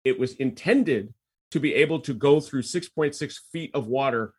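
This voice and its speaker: A man with a husky, slightly rough voice co-hosts a casual chat. He reads historical figures aloud and then drifts into chatty asides and restarts. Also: mid-range voice, moderate pace. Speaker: podcast co-host.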